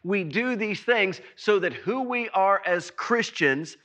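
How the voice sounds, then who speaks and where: A man preaches to his congregation with a high, ringing voice. He speaks slowly and deliberately, stacking repeated phrases. His delivery swings from loud emphasis to quiet, drawn-out words. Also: lively intonation, lo-fi sound. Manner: preaching with emphatic repetition and sudden swings in loudness. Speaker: pastor. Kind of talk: sermon.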